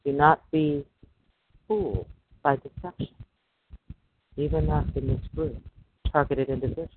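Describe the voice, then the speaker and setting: A man's voice: fairly high pitch, fairly even intonation, a little slow, background noise. A middle-aged man, a podcast host, giving a preachy religious monologue full of rhetorical questions. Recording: dry, tinny phone-line sound.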